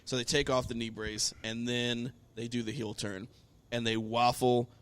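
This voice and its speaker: A man's voice: mid-range voice, normal speed, smooth. Profane middle-aged man recapping wrestling. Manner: profane, animated storyteller. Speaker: podcast co-host. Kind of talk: casual wrestling recap chat.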